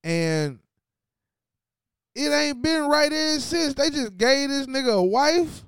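In a very high-pitched, creaky voice and at a slow pace, a man hosts his own show with a loose, slangy, animated recap of a TV finale, addressing viewers directly. The sound is clean studio audio with no echo.

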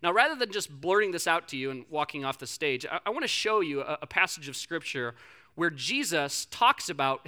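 Young male pastor, high and very bright voice, lively storyteller, casual fillers. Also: quick pace. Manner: animated storytelling, acts out quotes, frequent fillers and restarts. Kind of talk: sermon with a personal story.

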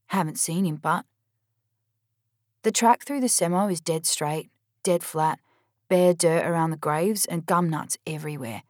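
A woman's voice: lowish voice, a little mellow, dry recording, studio quality. A woman reading a novel in first person, blunt and wry. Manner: blunt, wry, streetwise teen narrator voice. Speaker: audiobook narrator. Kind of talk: first-person audiobook narration.

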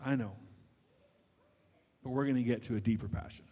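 A man's voice: medium pitch, normal speed, mellow, slightly rough, long reverb tail. A man preaching a sermon as pastor, emphatic and building to raised, passionate delivery.

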